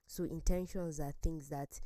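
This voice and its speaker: A woman panelist on a talk show, speaking in an emphatic, animated way with frequent laughter. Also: low-pitched, measured pace, no room sound. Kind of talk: casual studio chat.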